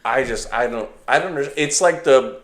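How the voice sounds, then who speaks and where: A man's voice: mid-range voice, fairly quick, a loud crowd. A man co-hosting a casual podcast, mocking a TV show and acting out its people. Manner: animated, mocking, acts out quotes. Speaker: podcast co-host. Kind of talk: casual chat.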